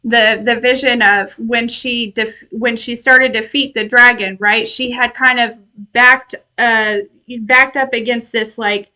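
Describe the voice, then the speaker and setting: A woman's voice: fairly high pitch, fairly even intonation, unhurried, hardly any pauses, sharp tone, rough recording. A woman giving a casual spiritual message to her viewers as a tarot reader, rambling and laughing often, with an affectionate manner. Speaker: tarot reader and intuitive healer.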